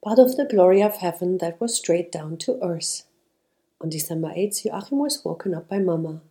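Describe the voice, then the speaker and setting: Woman with a calm, mellow reading voice. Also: fairly low pitch, moderate pace. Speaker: narrator. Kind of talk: storybook reading.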